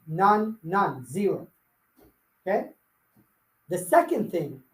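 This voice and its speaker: A man's voice: sits high, reverberant, poor audio. A man leading a live sales coaching workshop, blunt and firing rhetorical questions at his audience. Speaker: real estate sales trainer.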